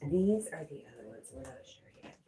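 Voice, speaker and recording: A woman with a low voice hosts a casual livestream. She reads viewers' comments aloud and chats with her dog between bursts of laughter. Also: big pitch swings, fairly quick, very noisy. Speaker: livestream host reading chat.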